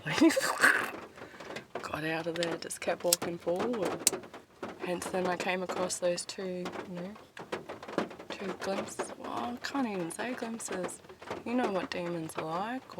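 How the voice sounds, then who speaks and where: A woman's voice: fairly low pitch, very noisy. A woman with an Australian accent, talking in a meandering, casual vlog from a parked car, laughing often and swearing casually. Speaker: vlogger. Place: inside a parked car, back seat.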